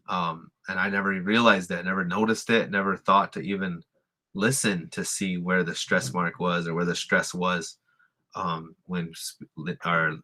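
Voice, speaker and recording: Man teaching vowels, bright voice. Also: deep voice. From Lakota community in the US. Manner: relaxed, explains with fillers and repeats example words. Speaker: language teacher. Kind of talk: casual spoken lesson.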